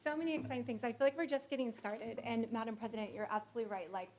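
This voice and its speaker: A woman's voice: fairly high pitch, fairly even intonation, rapid-fire, a little mellow, slight background noise, rough recording. A woman school guidance counselor presenting at a board meeting, emotional and close to tears. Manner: emotional, gets choked up. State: teary.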